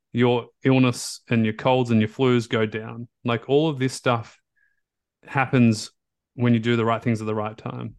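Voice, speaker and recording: A man hosting a podcast, telling a story in a casual, animated way, with many repeats and restarts as he acts out back-and-forth conversations in his own voice. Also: mid-range voice, clear, resonant tone, no room sound, clean studio sound. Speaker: podcast host and recovery coach.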